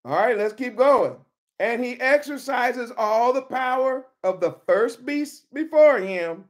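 A woman's voice: fairly high pitch, expressive, slow pace. A woman teaching from the Bible in an informal sermon style, emphatic, repeating key words and calling on listeners by name.

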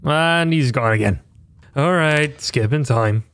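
A man's voice: mid-range voice, takes it slowly, a bit bright, clean tone. A man giving casual let's-play commentary, curious and talking to himself. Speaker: gaming YouTuber.

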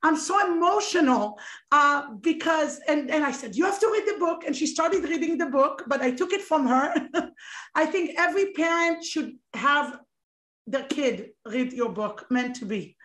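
A woman's voice: high voice, expressive, a little slow, a bit bright. A middle-aged woman co-hosting an interview, emotional and rambling with many restarts. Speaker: co-host. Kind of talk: interview chat. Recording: echoey room.

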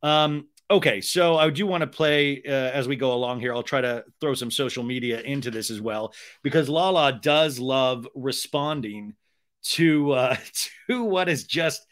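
A man's voice: mid-range voice, measured pace, a bit bright. A man hosting a podcast, recapping TV in a chatty, joking, profane way. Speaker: podcast host. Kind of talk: casual comedic TV recap.

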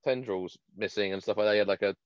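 A man's voice: on the low side, fast, no room sound. An enthusiastic man co-hosting a casual podcast chat, sharing opinions eagerly over a muffled lo-fi mic. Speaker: podcast co-host.

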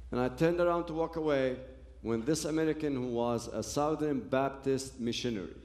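A man's voice: mid-range voice, normal speed, darkish tone, roomy sound. Man telling his story. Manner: earnest storytelling with broken phrases and restarts. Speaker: speaker giving a personal testimony. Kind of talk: personal testimony to an audience.

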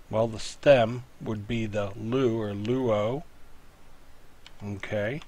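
A man's voice: fairly low pitch, fairly even intonation, takes it slowly, pauses often, a little mellow. A man teaching a language lesson while typing at his computer, patiently talking the student through each step. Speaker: Greek teacher. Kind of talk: screen-recorded tutorial lesson.

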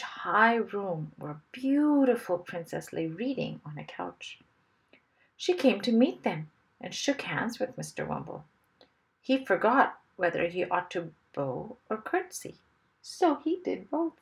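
A woman reading a children's story aloud with expressive, lively storytelling. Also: mid-range voice, unhurried, rough recording. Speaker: storybook reader.

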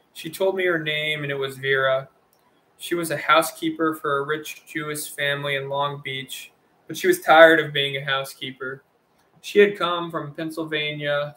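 A man reading a novel aloud in the first person, in an even, measured narration. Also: a little high. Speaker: audiobook reader.

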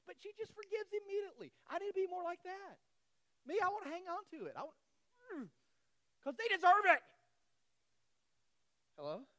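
Animated, folksy male pastor preaching. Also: very high voice, no echo, rough recording. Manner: animated, emphatic, repeats key phrases; folksy, self-deprecating asides to the congregation. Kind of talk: sermon.

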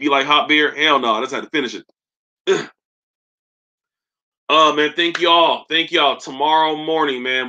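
Joking male sneaker streamer, bright voice. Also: mid-range voice. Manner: loose, joking, slangy, roasting chat viewers. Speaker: sneaker YouTuber hosting a live stream. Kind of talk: casual live-stream chat reading comments.

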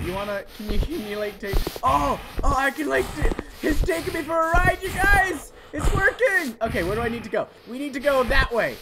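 A let's play gamer commenting on a horror game, excitable and playful, shouting at scares and chatting to the figures on screen and to viewers. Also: sits high, fairly quick, hardly any pauses, very noisy.

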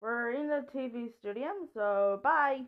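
Slow, high-voiced woman gamer. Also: lo-fi sound. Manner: hesitant, lots of ums and restarts; excitable outbursts during play. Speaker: gaming vlogger. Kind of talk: gameplay commentary and personal storytelling.

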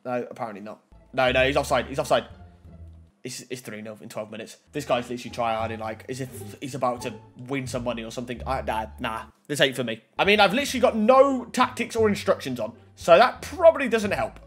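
A young man giving gameplay commentary on a football video game, excitable and talking straight to the game and his viewers. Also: medium pitch, a little fast, breathy edge, faint music behind. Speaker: gaming YouTuber.

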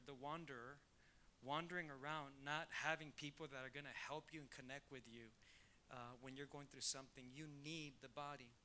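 A man's voice: mid-range voice, bright, forceful tone, a little hiss or hum. A man, a pastor, speaking to his congregation in an emphatic preacherly way, repeating points for stress. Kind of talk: talk to a congregation.

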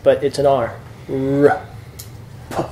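A young man casually teaching letters to a small group, relaxed and chatty. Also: mid-range voice, slow pace, a little hiss or hum, low-quality recording. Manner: relaxed, chatty, with fillers and laughs.

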